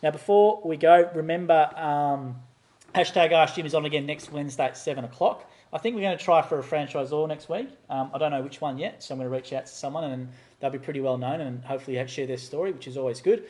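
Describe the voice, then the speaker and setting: A man's voice: fairly high pitch, fast talker, a little mellow. A man hosting a live stream in a chatty, upbeat way. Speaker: host.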